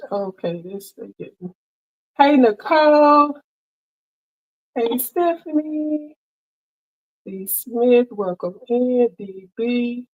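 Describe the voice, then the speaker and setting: Woman, sewing livestream host, slightly high voice, chatty, greets viewers by name, headset mic. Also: narrow, tinny audio. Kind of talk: casual live-stream chat greeting viewers.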